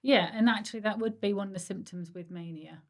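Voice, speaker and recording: A woman from Stoke-on-Trent co-hosts a relaxed podcast chat. Her voice sits at a middle pitch, and she explains ideas in a chatty, psychology-minded way. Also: a little fast. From Stoke-on-Trent, England. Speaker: podcast co-host. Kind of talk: casual chat.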